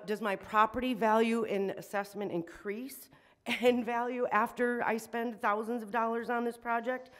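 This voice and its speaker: A woman's voice: fairly high pitch, steady tone, unhurried. Shaky, upset woman at a hearing. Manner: emotional, shaky, indignant, many ums. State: shaking with emotion. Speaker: resident speaking at public hearing. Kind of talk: public comment at city meeting.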